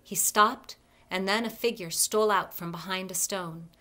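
Brief: library storyteller, woman, measured expressive read-aloud. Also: medium pitch.

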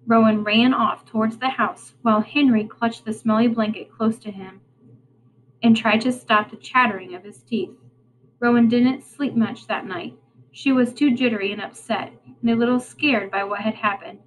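A woman reading a children's novel aloud in a steady, plain storytelling way. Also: medium pitch, normal speed, slight background noise, poor audio. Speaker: reader.

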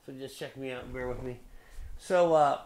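A man's voice: mid-range voice, moderate pace, darkish tone, slight background noise. A man from Belleville, Illinois, hosting his video blog in a loose, profane, rambling monologue full of tangents. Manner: loose, beer-drinking delivery. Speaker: video blogger host.

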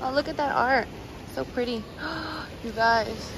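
A young woman vlogging casually into a handheld phone, chatty, excited and full of slang. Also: a little high, moderate pace, very noisy. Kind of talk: casual travel vlog narration. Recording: loud music and crowd.

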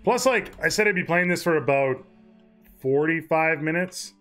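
A man's voice: a little high, lively intonation, moderate pace, a bit bright, soft background music. A man streaming a game, giving joking, crude commentary and laughing at the dialogue. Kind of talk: casual let's play commentary.

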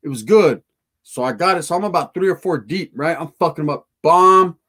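A man's voice: a little high, fairly quick, pushed and bright. A man telling a profane, slangy street story to his live chat.

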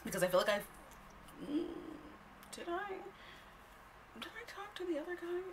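A young woman telling a story on her own vlog in a casual, animated way, blunt and quick to swear. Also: very high-pitched, slight background noise. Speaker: storytime host.

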